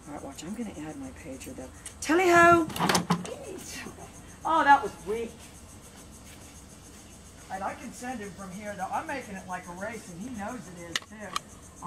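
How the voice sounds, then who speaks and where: A woman training her dog and talking casually, chatty and playful, with sing-song repeats. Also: mid-range voice. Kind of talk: casual training demo talk. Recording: noisy outdoor recording.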